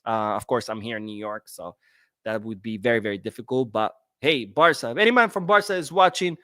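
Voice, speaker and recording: A man's voice: mid-range voice, fairly quick, bright, forceful tone, no echo, clean studio sound. A man hosting a casual livestream podcast, reading out chat comments and answering them in a rambling way, repeating his words.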